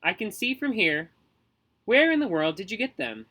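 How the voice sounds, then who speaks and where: A man voicing a brisk, no-nonsense neighbor woman who talks firmly. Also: sits high, big pitch swings, pushed and bright, voice pushed up, heavily acted. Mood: admiring. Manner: brisk, firm.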